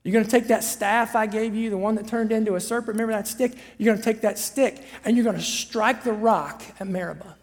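A preacher voicing God as a calm male voice giving steady, patient instructions. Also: mid-range voice, fairly quick, few pauses, big-room sound, lightly acted. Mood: instructing.

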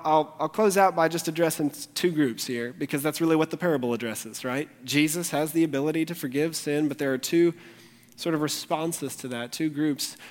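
A man preaching a sermon in a church sanctuary, his slightly high voice carrying a long hall reverb. He talks earnestly and directly to the congregation, pleading with them. A pastor's morning message.

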